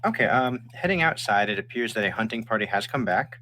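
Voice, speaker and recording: Low-voiced, bright-toned male game master. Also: animated. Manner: unhurried, descriptive scene-setting. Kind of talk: narrating a tabletop game.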